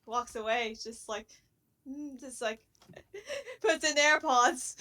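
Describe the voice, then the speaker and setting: A woman's voice: sits high, slow pace, bright, forceful tone. A woman playing a tabletop game, rambling on in an amused way. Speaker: player. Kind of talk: casual chat at a tabletop game.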